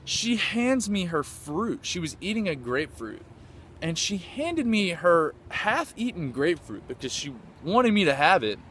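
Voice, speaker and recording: Excited man telling a travel story outdoors. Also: high voice, unhurried, a little hiss or hum. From United States. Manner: enthusiastic, rambling, with many fillers and restarts. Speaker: traveler recounting a trip. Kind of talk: casual storytelling.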